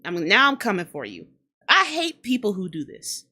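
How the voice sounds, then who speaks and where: A woman's voice: medium pitch, huge pitch swings, moderate pace, sharp tone, husky. A woman hosting a hip-hop commentary show, talking in a blunt, profane, ranting way and repeating lines for emphasis. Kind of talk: casual commentary rant.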